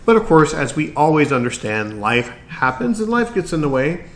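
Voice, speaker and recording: On his own solo podcast, a man with a slightly high, sing-song voice speaks at a normal speed. He sounds earnest and encouraging, though he occasionally trips over his words.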